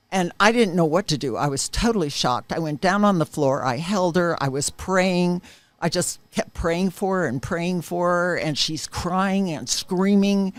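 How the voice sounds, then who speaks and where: A woman's voice: lowish voice, dry recording. A woman in an interview, earnestly retelling a personal experience with vivid, emphatic moments. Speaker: interviewee sharing a personal testimony. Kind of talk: emotional personal storytelling.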